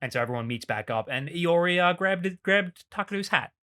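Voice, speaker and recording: A man co-hosting a podcast, excitedly retelling scenes in casual chat, swearing often and leaning on "like" as filler. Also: sits high, fairly quick. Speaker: podcast co-host.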